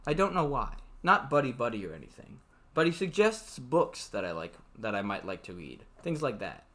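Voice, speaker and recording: A man's voice: mid-range voice, sing-song, normal speed, fairly bright tone. A man reading aloud the lines of a shy, earnest teenage boy in his own voice.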